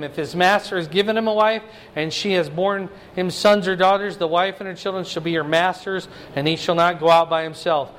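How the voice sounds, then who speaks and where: A man's voice: a little hiss or hum, low-quality recording. A man teaching a Bible lesson as a pastor, reading Scripture aloud and often checking in with his listeners with "okay?" and "right?". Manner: animated, swings pitch high when voicing God's words, checks in with "okay?". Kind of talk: sermon, Bible study teaching.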